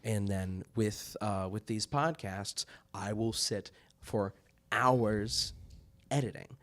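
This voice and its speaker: Male host, low voice, very slow delivery, reflective. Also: fairly bright tone. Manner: unhurried, reflective, with many hmms and short agreements. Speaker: show host. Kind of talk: casual interview chat.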